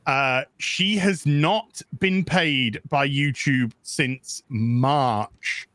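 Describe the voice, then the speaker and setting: A man's voice: medium pitch, fairly bright tone, dry recording. A man talking earnestly on a panel stream, with a lot of hesitation and fillers. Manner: earnest, halting, many fillers. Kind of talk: casual chat.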